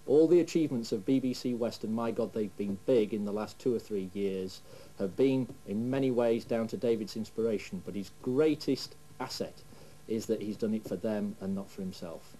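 Earnest Yorkshire man with a dark voice. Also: on the low side, normal speed, poor audio. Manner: earnest, emphatic. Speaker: BBC executive giving a tribute. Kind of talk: sincere farewell tribute.

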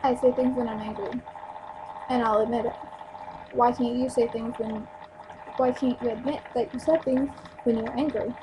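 A woman's voice: a little high, fairly even intonation, moderate pace, long pauses. A young woman from New Jersey venting bluntly into her webcam at home, emphatic and swearing freely. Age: young adult. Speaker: store clerk venting on a vlog. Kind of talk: casual webcam rant. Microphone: built-in webcam mic. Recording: noisy webcam recording.

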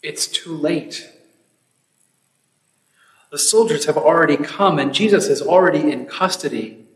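Preacher guy talking real slow, pauses between words, big roomy church echo. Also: on the high side, fairly bright tone. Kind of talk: sermon. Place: church sanctuary. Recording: roomy, reverberant church hall.

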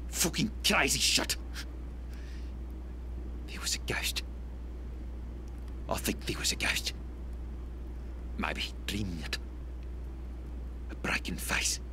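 A man's voice: on the low side, gravelly, pushed and bright, exaggerated voice. An actor playing a man losing his mind, muttering in broken half-whispered phrases.

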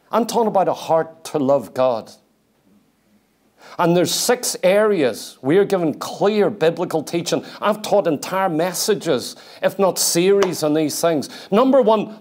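A man preaching a sermon in a church, emphatic and questioning, at times dropping to a quiet, intense delivery. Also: sits high. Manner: emphatic, asks the congregation direct questions.

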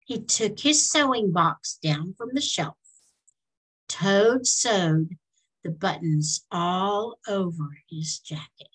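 A woman storyteller reading a children's book aloud in a slow, expressive way. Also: fairly low pitch, slightly rough, poor audio.

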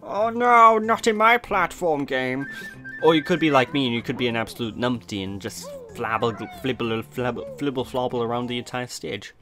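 A man's voice: medium pitch, normal speed, over music. A young Welsh man giving rambling, jokey, self-deprecating commentary over a video game. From Wales. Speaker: let's play host. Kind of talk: gameplay commentary.

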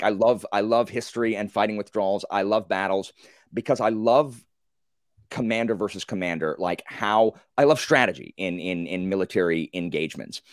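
A man in a casual group book discussion, telling the story with animated, acted-out reactions and many fillers. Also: on the low side, no room sound, clean studio sound.

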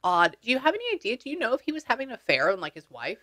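A woman's voice: fairly high pitch, big pitch swings, very fast, sharp tone. A woman working as a psychic medium, talking casually with clients and relaying what she hears in a chatty way, with slang and the odd swear word. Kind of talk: casual session talk.

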